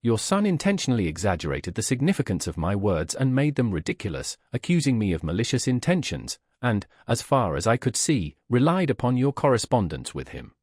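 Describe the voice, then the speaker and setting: A man's voice: mid-range voice, darkish tone, dry recording, clean studio sound. A man reading as a pompous, touchy suitor. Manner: stiff, sententious, aggrieved.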